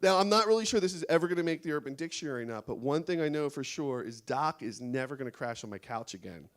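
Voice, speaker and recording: Male stand-up comic, high lively voice, laughs at his own jokes, small studio stage. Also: fast. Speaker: stand-up comedian. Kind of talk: stand-up comedy set. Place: small studio stage before a live audience.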